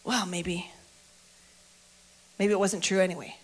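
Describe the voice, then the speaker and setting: A woman's voice: moderate pace, natural voice. A woman preacher voicing a proud, impulsive adult man who talks to himself in a sermon retelling. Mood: doubting. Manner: swings from loud boasting to low muttering self-talk. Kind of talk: sermon storytelling.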